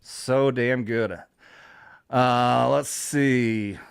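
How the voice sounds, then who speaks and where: A man's voice: mid-range voice, fairly even intonation, drawn-out words, creaky, smooth, dry recording, studio quality. A man hosting a casual chat stream, talking in a rambling, profane way and laughing often. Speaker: show host.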